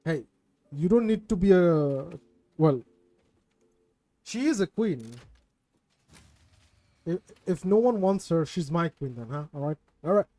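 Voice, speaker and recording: A man's voice: fairly high pitch, lively intonation, measured pace, pauses often, warm tone, no echo. A man casually chatting with viewers on his game stream, rambling and self-mocking, swearing when something goes wrong. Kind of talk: casual live-stream chat with viewers while gaming.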